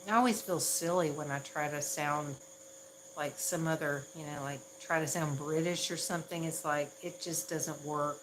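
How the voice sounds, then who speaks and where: A woman's voice: low voice, fairly even intonation, moderate pace, a little hiss or hum, low-quality recording. A woman from the Southern United States with a Southern accent, chatting casually on a livestream and laughing at herself often. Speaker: ASMR livestream host.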